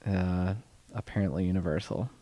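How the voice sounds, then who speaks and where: A man's voice: low voice, fairly even intonation, moderate pace, warm tone, no echo. A man co-hosting a podcast in an office, rambling casually and laughing often. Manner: rambling, laughs often, puts on silly voices. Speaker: podcast co-host. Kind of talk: casual chat.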